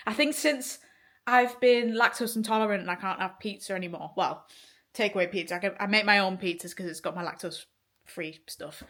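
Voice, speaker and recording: In a personal vlog, a young woman chats candidly to the camera, swearing freely and laughing a lot. Her voice is at a typical female pitch with a slightly bright tone.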